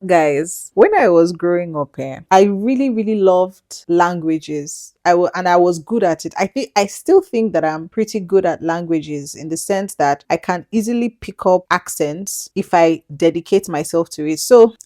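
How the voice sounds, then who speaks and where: A woman co-hosting a podcast, telling stories in an animated way with frequent laughter. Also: lowish voice, normal speed, few pauses, no room sound, clean studio sound. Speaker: podcast co-host. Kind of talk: casual chat.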